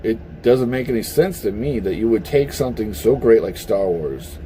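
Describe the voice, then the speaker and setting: Animated, blunt man ranting. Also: on the low side, normal speed, slight background noise. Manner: profane and blunt; animated, heated. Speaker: vlogger. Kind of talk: casual opinion rant.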